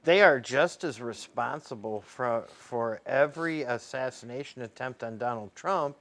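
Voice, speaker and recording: A man's voice: medium pitch, measured pace, a bit bright. A man co-hosting a casual political chat who speaks emphatically and with strong opinions. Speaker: co-host.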